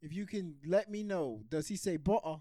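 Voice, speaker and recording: A man's voice: sits high, normal speed, mellow, dry recording. A man co-hosting a podcast in casual music chat, joking and teasing his partner. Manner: joking, teasing, mock accents, laughing. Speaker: podcast co-host.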